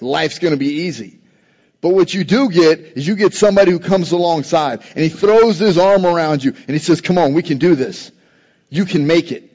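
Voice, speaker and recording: A man's voice: on the high side, darkish tone. A man preaching a sermon as pastor, earnest and building emphasis on scripture quotes. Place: church sanctuary. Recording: dull, long-reverb church recording.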